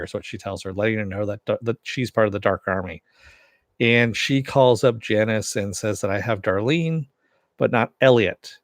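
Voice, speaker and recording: A man with a lowish voice talks through a TV episode recap in a loose, rambling way, leaning on fillers as he goes. The sound is dry and close, with no room echo. He comes across as a casual reviewer. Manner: rambling, filler-heavy retelling.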